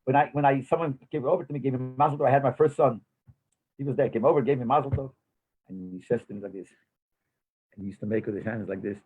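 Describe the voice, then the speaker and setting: A man's voice: mid-range voice, fast, a little hiss or hum. An older man telling stories from memory in a rambling way, slipping Yiddish phrases into his English. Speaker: interviewee recalling memories. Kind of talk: casual storytelling interview. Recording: tinny phone-like audio.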